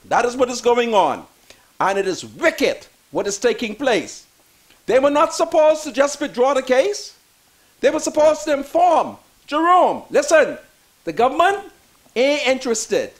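A man with a Bahamian accent giving impassioned political commentary, preacher-like, repeating lines for emphasis and rising to shouts. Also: very high voice, big pitch swings, measured pace.

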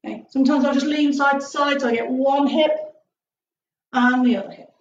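A woman's voice: high voice, fairly even intonation, fairly quick. A woman martial arts instructor leading a live online stretching class, chatty and upbeat with jokey asides. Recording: distant, roomy, dull with faint noise.

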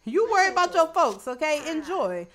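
A young woman commentating her own gameplay casually, brash and profane, shouting at the game. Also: very high voice, big pitch swings, normal speed. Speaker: gaming video host. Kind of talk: casual let's-play commentary.

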